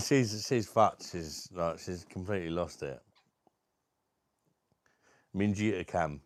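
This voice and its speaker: A British man jokes and swears at his pet parrot, repeating lines over and over to coax it to talk. His delivery is unhurried and his pitch bounces widely between phrases. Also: expressive, a bit bright. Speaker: vlogger. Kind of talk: casual chat with a pet parrot.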